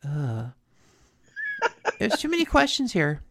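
A young woman co-hosting a podcast, recapping a cartoon in casual chat with animated storytelling. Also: low voice, slow, creaky, a little hiss or hum. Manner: animated storytelling with quoted voices. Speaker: podcast co-host.

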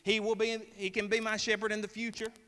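High, bright-voiced preacher man. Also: completely flat delivery, fast talker. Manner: emphatic, repeating phrases, leading the congregation. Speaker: pastor. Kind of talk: sermon. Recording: reverberant hall with faint noise.

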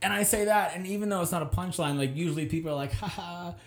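A young male comedian, appearing as a guest, tells a story in casual chat, speaking fast in a high voice. He's animated and acts out the voices in his tale, and the room is echoey.

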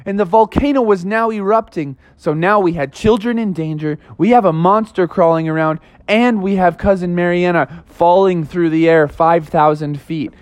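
Guy spinning a kids' story, high lively voice, dry close sound. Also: normal speed, few pauses, no echo. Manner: animated, dramatic, playful. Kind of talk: improvised story for children.

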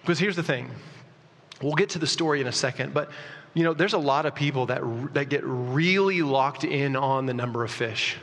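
A man preaching a sermon as a pastor, conversational and animated, often restarting his sentences. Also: mid-range voice, moderate pace, long reverb tail. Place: church.

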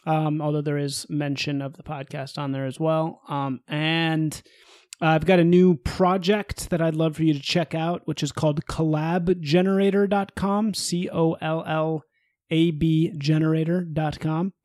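Profane, high-voiced podcast man. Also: flat delivery, unhurried, darkish tone, dry recording, studio quality. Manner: profane, exasperated ranting. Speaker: podcast co-host. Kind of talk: casual podcast chat.

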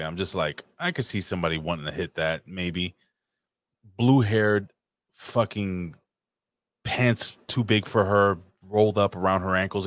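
A man's voice: low-pitched, a bit bright, no room sound. A man hosting a casual chat over a remote call, blunt, profane and teasing. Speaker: podcast host.

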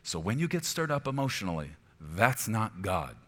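A man preaching a sermon as pastor, moving from quiet, reflective stretches to loud, high-pitched exhortation. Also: sing-song, normal speed. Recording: long hall reverb.

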